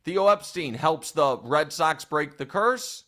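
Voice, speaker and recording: A man's voice: on the high side, lively intonation, slow, pushed and bright. A man hosting a sports talk show, giving opinionated commentary in long, thinking-aloud arguments.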